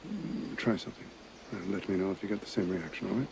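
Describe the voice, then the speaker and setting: A man's voice: sits low, expressive, fast, creaky, noisy background. An actor playing a formal, commanding male federal investigator in a film. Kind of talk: film acting. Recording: film soundtrack with loud music score.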